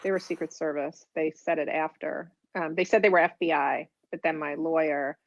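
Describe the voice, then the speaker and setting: A middle-aged woman guest telling her story in an animated, rambling way, full of fillers and restarts. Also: low voice, moderate pace, no echo. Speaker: guest author. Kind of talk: casual storytelling interview. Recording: dull, dry remote audio.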